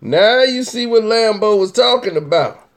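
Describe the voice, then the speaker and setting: A man's voice: high-pitched, expressive, normal speed. A man hosting casual opinion commentary, talking emphatically and teasingly, repeating his points. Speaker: host.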